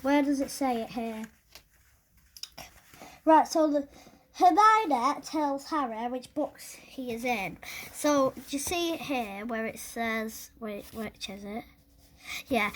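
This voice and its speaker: A British speaker showing books on a casual vlog, thinking aloud with many fillers and pauses while flipping through pages. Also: high voice, a bit bright, a little hiss or hum. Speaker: book collector vlogger. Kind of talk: casual show-and-tell.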